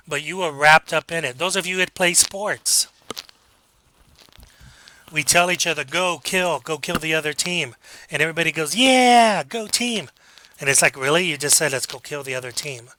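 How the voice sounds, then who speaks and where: A man teaching a communication class, talking through examples in a relaxed, conversational way and acting out quoted lines. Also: fairly high pitch, slight background noise, poor audio. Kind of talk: recorded online lecture.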